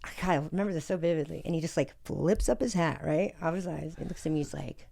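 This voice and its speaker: A woman's voice: low voice, fast talker, vocal fry, few pauses, darkish tone. A woman from Alaska, a podcast guest telling her story in casual conversation. She talks animatedly, swears freely and keeps saying "like" and "you know what I mean".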